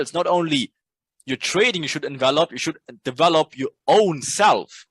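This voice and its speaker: A man's voice: on the high side, normal speed, no echo. Blunt, profane male trading instructor. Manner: blunt, profane, keeps asking "right?". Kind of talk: casual recorded lecture.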